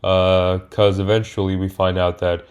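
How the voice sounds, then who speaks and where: A man's voice: low-pitched, flat delivery, normal speed, darkish tone, clean tone. A man casually recapping a movie's plot as a reviewer, rambling with many fillers and restarts. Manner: rambling, hesitant, many fillers and self-corrections. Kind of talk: casual spoken film recap.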